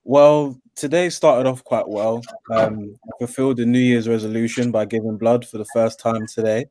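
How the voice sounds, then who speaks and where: Male guest, mellow dark voice, dry close sound, understated anecdote. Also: mid-range voice, fairly even intonation, normal speed, dry recording. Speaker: podcast guest. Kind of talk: casual storytelling.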